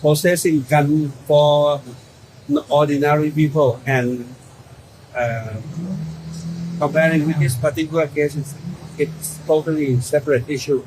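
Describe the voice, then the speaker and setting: A man, a government official giving a press statement, pausing often and restarting phrases. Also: on the high side, fairly even intonation, noisy background. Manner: halting, many pauses and restarts.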